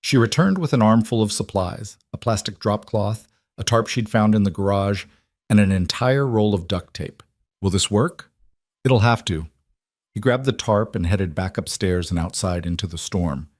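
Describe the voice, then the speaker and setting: Low-voiced male story narrator. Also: no echo, clean studio sound. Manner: even, measured storytelling. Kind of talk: scripted narration.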